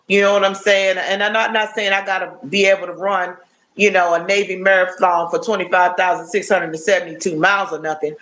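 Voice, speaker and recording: A woman in her fifties chatting casually and warmly to her viewers on a phone livestream, often checking in with "you know what I'm saying?". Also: lowish voice, flat delivery, a little fast. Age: 50s. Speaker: livestream host.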